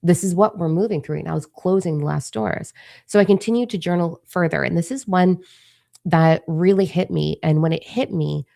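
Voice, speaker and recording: A woman's voice: lowish voice, normal speed, creaky, mellow. A middle-aged woman speaking in a raw, emphatic confessional monologue, swearing freely as she opens up. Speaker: spiritual vlogger. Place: living room.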